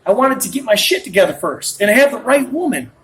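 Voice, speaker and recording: A man's voice: high voice, lively intonation, brisk, fairly bright tone, slight background noise, poor audio. A man in his late thirties delivering a ranting monologue, worked up and jumping from point to point as he talks. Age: late 30s. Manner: worked up, rambling, jumps between points.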